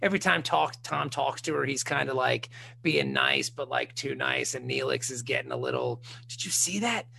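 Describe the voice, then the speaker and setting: Male co-host, gravelly and lively, casual joking banter, faint hum behind. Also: medium pitch, normal speed, hardly any pauses. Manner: animated, joking, swearing. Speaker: podcast co-host. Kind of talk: casual chat.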